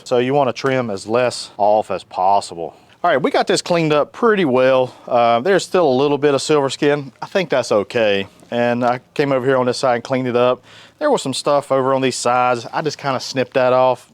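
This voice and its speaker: A man hosts a casual cooking demo outdoors by his grill. He talks in a folksy, joking, animated way, his voice sitting in a middle pitch. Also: dry recording. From North Carolina. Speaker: cooking show host.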